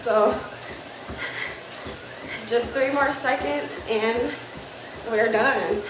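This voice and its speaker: A woman hosts a casual livestream, talking slowly to viewers in a fairly high voice. She is heard from a distance in a very echoey room. Steady background noise runs under her voice. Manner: chatty, laughs easily, talks to viewers. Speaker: livestream host.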